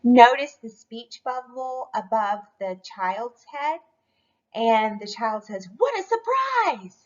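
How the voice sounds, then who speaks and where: A woman's voice: on the high side, slow pace, dull audio. A woman curriculum specialist reading a storybook aloud to children in a cheerful, encouraging lesson. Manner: cheerful, encouraging teacher talk.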